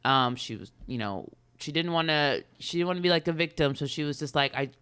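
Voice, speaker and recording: Smooth-voiced woman retelling a story. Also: low-pitched, lively intonation, brisk, a bit bright. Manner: chatty storyteller, many ums, acts out quotes. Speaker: podcast co-host. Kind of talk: casual chat, retelling a story.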